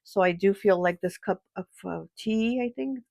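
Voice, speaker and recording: A woman giving a pick-a-card tarot reading, sounding nasal and congested from a cold, with a gentle, reassuring manner full of fillers and check-ins. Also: medium pitch, normal speed, gravelly, no echo. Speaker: tarot reader.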